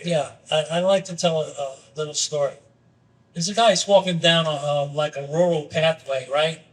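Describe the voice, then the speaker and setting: A man's voice: fairly high pitch, steady tone, moderate pace, recorded from a distance, rough recording. A man talking as a podcast guest, earnestly telling a story and acting out its characters in a raised voice. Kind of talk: candid conversation with storytelling.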